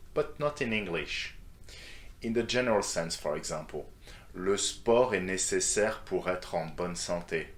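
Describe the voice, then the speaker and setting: Low-voiced man teaching French grammar. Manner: reads French examples, then gives English translations. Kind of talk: scripted grammar lesson.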